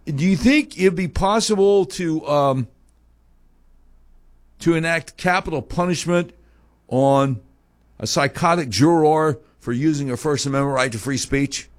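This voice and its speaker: A man's voice: on the high side, measured pace. A man hosting a talk show, delivering a heated, sarcastic opinion monologue full of mocking rhetorical questions.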